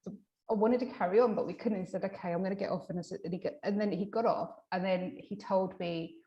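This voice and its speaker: A woman hypnotherapist in a casual interview, telling a client story with lively acted-out quotes and frequent restarts. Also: medium pitch, a little fast, muffled recording. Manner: animated, acts out quoted dialogue; many fillers and restarts. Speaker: hypnotherapist guest.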